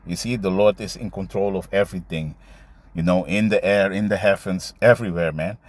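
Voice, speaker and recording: A man preaching and reading scripture aloud in a loose, halting way, tagging his lines with "man" and "you see". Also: sits low, steady tone, no echo. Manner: halting, with many fillers and restarts while finding verses. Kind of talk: casual scripture teaching, reading verses aloud.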